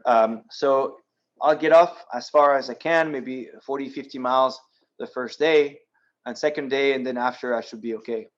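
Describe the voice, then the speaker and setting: A man's voice: mid-range voice, normal speed, muffled recording. French-accented man explaining his gear. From France. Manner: practical, explains step by step with frequent ums and restarts. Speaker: guest speaker. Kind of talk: presentation with audience Q&A. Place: yacht club meeting room.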